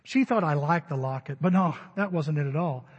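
A man's voice: fairly high pitch, fairly quick, breathy edge. Emphatic male pastor in a reverberant hall. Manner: emphatic, rising to loud stresses. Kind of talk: sermon. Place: church sanctuary. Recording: dull recording with long hall reverb.

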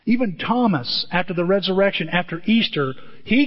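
Preaching from a church auditorium, the middle-aged pastor animates his stories with abrupt pitch jumps and quick side remarks. Audio is dull and echoes through the reverberant hall.

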